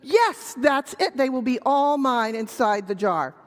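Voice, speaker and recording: A woman's voice: a little high, animated, moderate pace, big-room sound, lightly acted. A woman voicing a greedy, frantic male monkey who hoards nuts, whiny and wailing.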